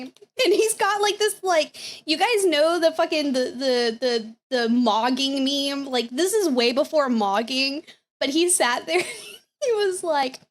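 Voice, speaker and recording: A woman's voice: sits high, lively intonation, normal speed, a bit bright. A young woman from the American South with a Southern accent, telling a story casually and laughing often. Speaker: streamer reacting to videos.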